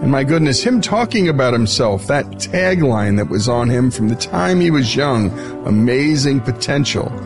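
A male host reads a scripted wrap-up in a measured voice at a middle pitch. A music bed plays clearly beneath him. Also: very animated. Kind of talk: scripted show outro narration.

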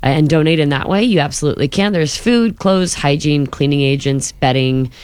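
A woman's voice: sits low, a little fast, darkish tone, clean tone, no room sound. A woman co-hosting a radio show, chatting casually with fillers like "um" and "like.". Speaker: radio co-host. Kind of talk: casual on-air chat. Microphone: studio microphone.

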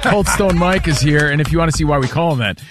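A man co-hosting a sports radio show, jokey and animated in casual banter. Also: fairly high pitch, fast talker, music in the background.

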